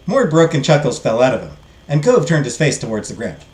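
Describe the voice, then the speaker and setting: A middle-aged man from the United States reads a game's story with a lively, swooping delivery and chats between lines. His voice sits in a mid range. There is a roomy echo with soft music behind. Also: mid-range voice, fairly quick, hardly any pauses. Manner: expressive reader, chatty asides. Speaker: host. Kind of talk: reading a game's story aloud.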